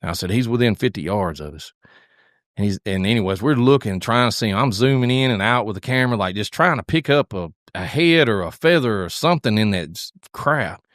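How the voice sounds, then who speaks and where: A man co-hosting a podcast, telling a hunting story in a casual, animated drawl full of restarts, recorded in a studio. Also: fairly low pitch, fairly quick, dry recording. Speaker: podcast co-host.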